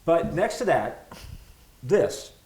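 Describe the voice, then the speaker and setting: A host wrapping up an interview, joking and rambling with quick restarts. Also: medium pitch, big pitch swings, a little mellow. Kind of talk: interview chat. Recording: echoey room.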